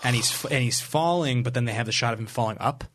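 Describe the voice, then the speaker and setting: A man co-hosting a movie podcast, talking in relaxed, casual chat. He rambles through his points and leans on "like" again and again. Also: mid-range voice, quick pace. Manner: rambling, heavy use of "like". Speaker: podcast co-host.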